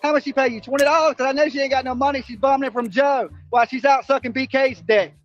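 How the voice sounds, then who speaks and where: A man heckling and insulting someone in a loud, crude, jeering way, recorded on a phone video. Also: very high-pitched, fairly even intonation, quick pace, dull audio, faint music behind. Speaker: person filmed in a street confrontation. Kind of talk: taunting, crude street heckling.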